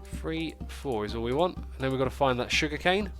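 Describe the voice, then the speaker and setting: A man's voice: mid-range voice, lively intonation, a little fast, fairly bright tone, soft background music. A man with a stuffy, congested nose hosting a casual gaming livestream, chatting and thinking aloud as he plays. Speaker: livestream host.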